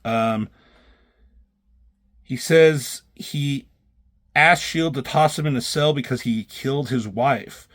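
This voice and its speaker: Guy rambling thru a comic review, swears a lot, keeps tripping over himself, mid-pitch voice. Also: slow pace, long pauses, fairly bright tone. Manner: loose and profane, with many fillers and self-corrections.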